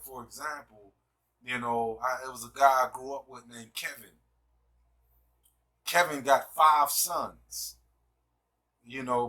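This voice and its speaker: A man talks in an emphatic, preaching manner with a very bright, forceful tone. He keeps checking in with his listener as he builds his points. His voice sounds a little far from the mic. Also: medium pitch. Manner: emphatic, repeats "you see what I'm saying". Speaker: host. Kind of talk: casual discussion, preacher-like.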